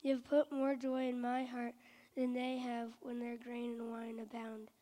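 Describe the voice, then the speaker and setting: A woman reading a psalm aloud in a church service, measured and solemn. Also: a little high, completely flat delivery, dark tone, poor audio. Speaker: scripture reader.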